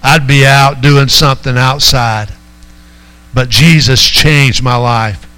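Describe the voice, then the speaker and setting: Male pastor, preaching, bright ringing voice, smooth and clear, faint mains hum. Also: medium pitch, fairly even intonation, slow pace, rough recording. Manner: preaching with rising emphasis and call-outs to the congregation. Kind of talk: sermon.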